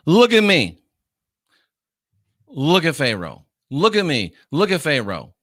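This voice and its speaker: Loud, profane man ranting. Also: huge pitch swings, slow pace, pauses often, dry recording, studio quality. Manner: loud, profane, mocking, swings from shouting to low muttering. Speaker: commentary host. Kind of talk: ranting reaction commentary.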